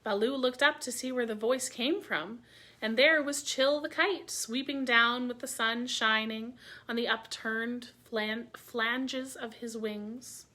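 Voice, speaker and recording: Bright-voiced woman reading a story aloud. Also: on the high side, slow. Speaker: library storyteller. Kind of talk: reading aloud a classic novel.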